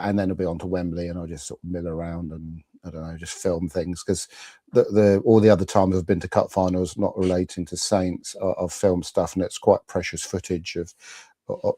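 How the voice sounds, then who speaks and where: Bloke hosting a live chat, deep voice, dry close sound, keeps restarting his sentences. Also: dark tone, no room sound. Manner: rambling storyteller, many restarts and fillers. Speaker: podcast host. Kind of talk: casual live-stream chat.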